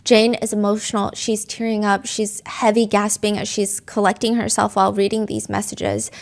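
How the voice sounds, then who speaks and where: A woman's voice: mid-range voice, flat delivery, moderate pace, creaky. A woman hosting a podcast, telling a court story in a casual, conversational way. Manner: conversational, reads quoted texts aloud with feeling. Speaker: podcast host.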